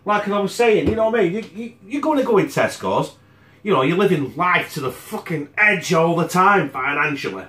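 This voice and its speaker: A chatty man talks straight to camera in his kitchen, blunt and swearing nonstop. His voice sits a touch high and swings up and down a lot. The room around him sounds echoey. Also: animated, brisk, pushed and bright. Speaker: home cooking channel host. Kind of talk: casual sweary to-camera chat.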